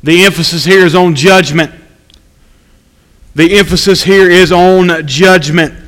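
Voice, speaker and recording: A man preaching an evening sermon, reading scripture aloud and slowly repeating his key points for emphasis. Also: sits high, steady tone, fairly bright tone, in a large hall, rough recording.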